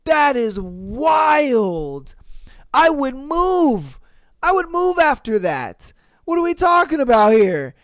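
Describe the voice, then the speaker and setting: A man hosting a podcast who reads listener stories aloud and reacts between them with loud, profane exclamations. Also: very high-pitched, sing-song, slow, no room sound, clean studio sound. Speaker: podcast host.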